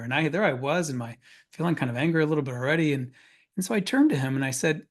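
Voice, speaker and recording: A man's voice: on the high side, expressive, fast. A man presenting on a webinar panel, telling a personal story earnestly with frequent restarts. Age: adult parent of a school-age child.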